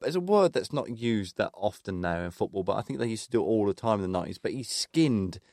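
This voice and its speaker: A man's voice: on the low side, expressive, fast talker, darkish tone, no room sound, clean studio sound. A man co-hosting a podcast, recapping a football match goal by goal in casual chat. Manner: recaps goals and minutes from notes. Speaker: podcast co-host.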